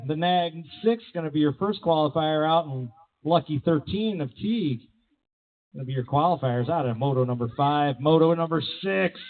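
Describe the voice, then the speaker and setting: A man announcing races live at an outdoor BMX track, with energetic play-by-play full of rider nicknames. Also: fairly high pitch. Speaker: race announcer. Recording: tinny, phone-like sound.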